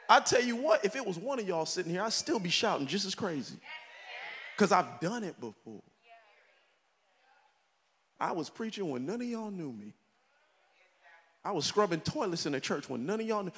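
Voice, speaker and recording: A middle-aged pastor delivering a sermon, shouting and preaching with comic impressions of his congregation. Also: high voice, big pitch swings, normal speed, pauses often, a faint crowd, slight background noise. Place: large church hall. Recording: echoey church hall with faint ambience.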